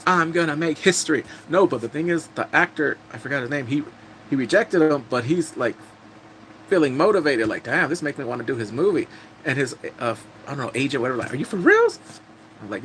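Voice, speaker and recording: A man casually recapping TV drama episodes on a live stream, telling it with animated energy and acting out characters' lines. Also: on the high side, slight background noise, low-quality recording.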